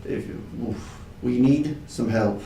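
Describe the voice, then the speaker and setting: A man voicing a drunk, secretive male treasure hunter who rambles in a hushed, conspiratorial way, recorded on a distant mic in a roomy space. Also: mid-range voice, takes it slowly, background noise, close to an everyday voice.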